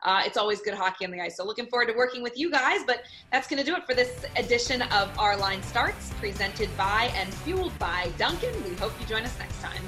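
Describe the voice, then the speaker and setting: A woman's voice: fairly high pitch, animated, a little fast, hardly any pauses, music in the background. A woman hosting a podcast, chatting casually and wrapping up the show in an upbeat way. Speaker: podcast host. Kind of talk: casual chat and sign-off.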